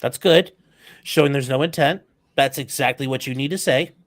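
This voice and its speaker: A man's voice: mid-range voice, moderate pace. A man hosting a show, giving blunt, emphatic commentary on a trial with sports analogies and some swearing. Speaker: host commenting on a trial clip. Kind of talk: casual commentary.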